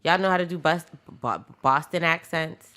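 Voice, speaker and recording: A woman co-hosts a relaxed podcast and moves the group from topic to topic. Her voice sits low but has a bright, forward tone. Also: moderate pace. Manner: leads topics, playful. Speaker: podcast co-host. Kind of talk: casual chat.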